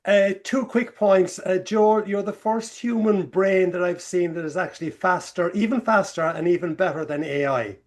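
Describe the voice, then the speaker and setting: A man's voice: sits high, moderate pace, hardly any pauses. A man with an Irish accent in the audience thanks the presenter and makes a light joke. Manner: joking, warm thanks. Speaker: audience member. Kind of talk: audience comment in a seminar.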